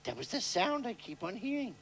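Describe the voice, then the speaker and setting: A woman's voice: mid-range voice, big pitch swings, a little fast, vocal fry, a little hiss or hum. A woman voicing a small, curious, childlike puppet creature on a children's television show, asking earnest, wondering questions.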